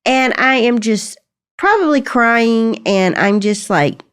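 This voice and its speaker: Animated middle-aged woman. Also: a little high, slow pace, smooth. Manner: animated, laughs often, acts out dialogue. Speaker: podcast host. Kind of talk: candid conversational storytelling.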